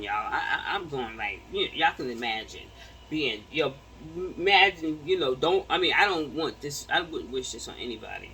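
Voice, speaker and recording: Animated woman telling a story. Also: deep voice, recorded from a distance, slight background noise, poor audio. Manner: animated, repeats words, acts out quotes. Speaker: vlogger. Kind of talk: casual storytelling to viewers.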